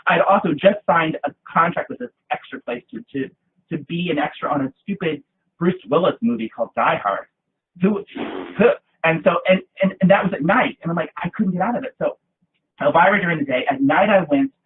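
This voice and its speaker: A man guest in an interview, telling animated, theatrical stories in a casual chat. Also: fairly high pitch, a little hiss or hum. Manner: lively, theatrical storyteller with bursts of laughter. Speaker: guest, actor. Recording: tinny lo-fi line.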